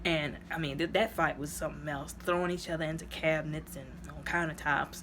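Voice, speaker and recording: A movie reviewer with a lowish voice gives a chatty, animated recap of a film, rambling and stacking up "like" and "you know." She talks briskly with few pauses, now and then leaping suddenly into high, exclaiming tones. Faint background noise is barely noticeable.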